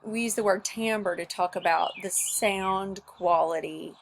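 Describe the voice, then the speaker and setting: A woman's voice: medium pitch, a little slow, slight background noise. A woman music teacher giving a recorded lesson for children, patient and encouraging, who shows each step by singing it herself. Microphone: recorded at home for a video lesson.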